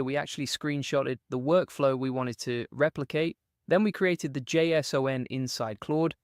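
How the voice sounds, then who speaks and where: A British man giving a casual step-by-step software tutorial, often checking in with "right?" as he clicks through screens. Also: mid-range voice, dry recording, studio quality. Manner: casual step-by-step walkthrough, frequent "right?" and "basically". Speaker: course instructor.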